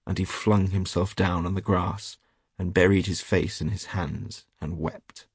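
Man reading a fairy tale, deep husky voice, dry close sound. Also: fairly even intonation, a little slow, dry recording. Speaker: narrator. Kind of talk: storybook reading.

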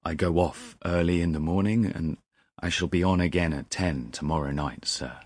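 A man voicing a troubled railway signalman who speaks low and grave, close to a whisper. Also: moderate pace, slightly rough, no echo. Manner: low, hushed, grave delivery. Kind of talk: audiobook character reading.

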